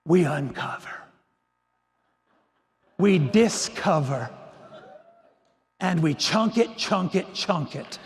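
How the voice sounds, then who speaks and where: A man voicing a gentle older Southern woman teacher in her sixties, soft and hushing, calling him baby. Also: on the high side, lively intonation, takes it slowly, pauses often, big-room sound, pitched below the performer's own voice. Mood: soothing.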